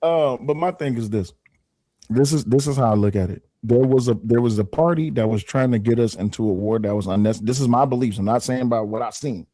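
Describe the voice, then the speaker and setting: A man's voice: medium pitch, quick pace, dark tone, dry recording. A man from the United States speaking as a panel guest in a casual political debate, emphatic and prone to repeating himself and swearing.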